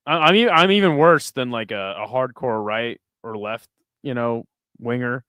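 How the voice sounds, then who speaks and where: A man's voice: mid-range voice, normal speed, fairly bright tone, smooth, no room sound. Crude, joking man on a dry mic. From United States. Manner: crude, joking, chatting with viewers between fight calls. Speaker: streamer hosting a fight watch party. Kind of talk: casual live-stream commentary.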